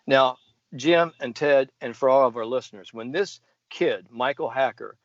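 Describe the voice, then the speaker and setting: On a podcast, a golf sports psychologist in his seventies recounts a story, acting out those he quotes. His voice is medium-pitched at a normal speed, and the recording is dry, a bit dull, and free of room sound.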